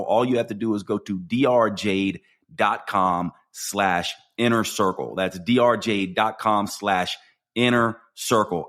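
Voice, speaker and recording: A man's voice: on the low side, fairly bright tone. A man, the podcast host, reading an upbeat promotion that speaks directly to listeners. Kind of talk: promotional read.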